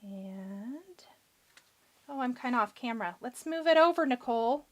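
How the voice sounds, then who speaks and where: High-pitched and fast-talking, a woman hosts a live card-making demonstration with the hiccups, chatting casually and answering viewer questions as she works.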